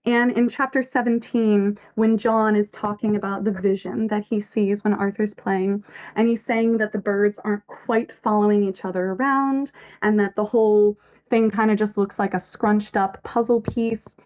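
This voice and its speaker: A woman's voice: medium pitch, fairly even intonation, normal speed, a little mellow. Earnest woman on a casual livestream. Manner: earnest and reflective, reads chat messages aloud. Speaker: fanfic author co-hosting a livestream.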